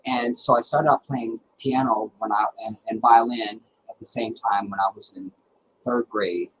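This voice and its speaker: A middle-aged man hosting a livestream, telling personal stories in a dramatic, animated way with halting restarts. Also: on the low side, noisy background. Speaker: livestream host. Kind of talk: casual personal storytelling.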